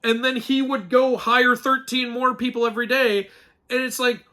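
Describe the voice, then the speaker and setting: A man's voice: very high-pitched, level tone, moderate pace, sharp tone. A man hosting a casual film review, sarcastic and exasperated, laughing often and restarting his sentences. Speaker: mythology channel host reviewing a film.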